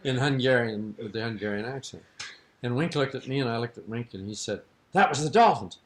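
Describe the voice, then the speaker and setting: Recorded on archival tape, an older man in an interview recounts a long, meandering story with evident amusement, laughing as he goes. His voice is mid-range, and he talks a little fast.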